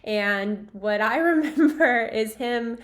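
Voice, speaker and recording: A woman's voice: on the high side, slow. A woman in her forties casually telling a personal memory over photos, chatty with lots of fillers and acted-out dialogue. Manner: chatty, many fillers, acts out remembered dialogue. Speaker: former arena event staffer telling a memory.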